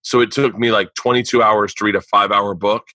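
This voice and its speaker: A middle-aged man hosts a casual podcast chat with a bright, forceful voice. He tells stories with lots of swearing and acts out everyone he quotes. The sound is dry and close. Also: lowish voice, brisk, no room sound. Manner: animated storyteller, acts out quotes, swears a lot. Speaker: podcast host. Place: living room of a house.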